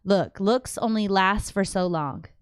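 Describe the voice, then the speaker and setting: A woman hosting a casual livestream from home, reading viewer questions and answering them in a chatty, animated way with slangy asides. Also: medium pitch, a little slow, clear, resonant tone, no room sound, clean studio sound. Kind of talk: casual live chat.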